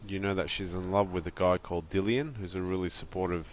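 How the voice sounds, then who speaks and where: Low-voiced friendly game streamer. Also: male voice, fairly even intonation, fast talker, slight background noise. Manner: friendly, rambling, greets chat as man and my friend. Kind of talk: casual live-stream chat.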